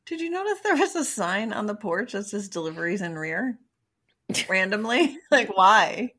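Woman podcast co-host, mid pitch, lively intonation, wry quips, laughs a lot. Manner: wry, quick reactions, laughs often. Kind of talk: casual chat.

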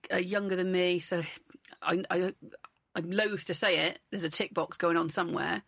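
A woman's voice: fairly low pitch, steady tone, moderate pace, gravelly, a bit bright, husky, dry recording. A frank woman in her forties with a Cotswolds accent, a comedian chatting candidly and rambling through restarts as an interview guest. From the Cotswolds, England. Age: 40s. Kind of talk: candid casual chat.

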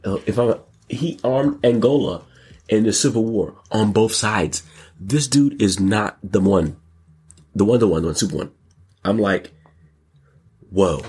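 A man hosting a casual commentary show, excitable and jokey, breaking into sudden squeals and exclamations. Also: on the low side, measured pace, pauses often, slightly rough. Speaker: podcast host.

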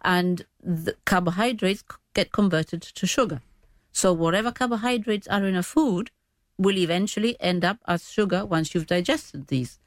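A woman's voice: lowish voice, moderate pace, dry recording. A woman, a diabetes educator guest explaining things patiently on a radio chat, often restarting her sentences.

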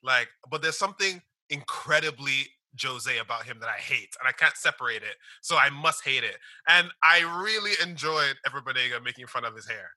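A man's voice: mid-range voice, lively intonation, brisk, few pauses, bright, forceful tone, no room sound, rough recording. A man co-hosting a casual football podcast, talking emphatically and laughing often. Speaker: podcast co-host.

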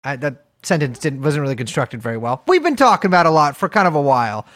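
A man's voice: fairly high pitch, big pitch swings, quick pace, a bit bright. A man co-hosting a podcast in casual chat, joking and rambling, often correcting himself mid-sentence. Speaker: podcast co-host. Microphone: video call from a basement.

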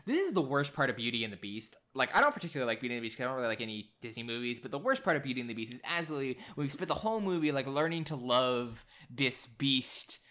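A man in casual conversation, giving opinions on films in quick bursts full of "like". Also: mid-range voice, very animated, bright, forceful tone. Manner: opinionated, talks in quick bursts with many likes. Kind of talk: casual film discussion.

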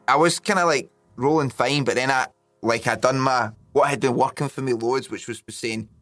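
A man's voice: mid-range voice, normal speed, fairly bright tone, no room sound, faint music behind. Sweary man telling stories. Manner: sweary, laughs often, tells stories. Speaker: podcast co-host. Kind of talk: casual chat.

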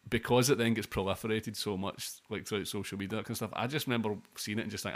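A man's voice: on the low side, steady tone, brisk. A young man co-hosting a podcast, rambling and swearing through casual film talk. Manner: rambling, sweary, lots of restarts. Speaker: podcast co-host.

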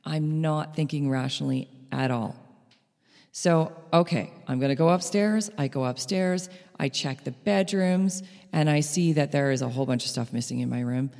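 Woman, middle-aged, animated personal storyteller, gravelly tone, long hall reverb. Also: a bass voice, a little slow. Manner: animated storyteller, laughs between phrases. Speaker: speaker.

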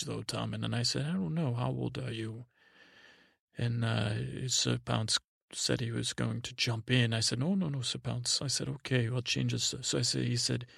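Male host, gravelly and husky, monotone bedtime rambler, dry close mic. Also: medium pitch, dry recording. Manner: meandering, halting, full of restarts and asides. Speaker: podcast host. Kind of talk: rambling sleepy storytelling.

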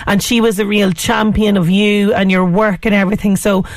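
A woman presenting on the radio, talking in an effusive, chatty way at a mid-range pitch. The studio sound is dry and close, with no room echo at all. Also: level tone, moderate pace. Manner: enthusiastic, effusive praise. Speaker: radio show host. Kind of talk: radio interview chat.

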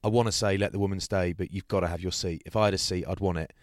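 Animated guy telling a story. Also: low voice, fast, no echo, clean studio sound. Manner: animated, acts out voices in his stories. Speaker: podcast co-host. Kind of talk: casual storytelling chat.

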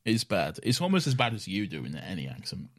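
Casting: young male podcast co-host, teasing and laughing, very animated delivery. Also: sits low, brisk. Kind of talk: casual chat.

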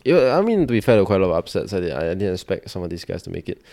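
A man's voice: low voice, very animated, very fast, creaky, mellow. A man in his late twenties with a Singaporean English accent, chatting casually as a podcast guest with lots of restarts. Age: 20s. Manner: chatty, lots of restarts and fillers, laughs easily. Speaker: guest athlete.

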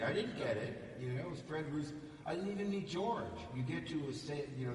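A man tells stories on stage to a live audience in a fairly high, very animated voice and slips into the voices of other people. He sounds far from the microphone in a big, roomy hall with a long echo. Steady background noise runs underneath. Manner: lively, acts out voices of others. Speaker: actor telling stories to an audience.

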